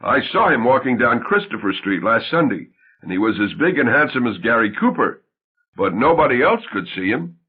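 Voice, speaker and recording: A man voicing an emotional young wife, tender and anxious, whose voice rises with excitement, in a tinny, phone-like recording. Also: medium pitch, normal speed, slightly rough. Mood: exasperated.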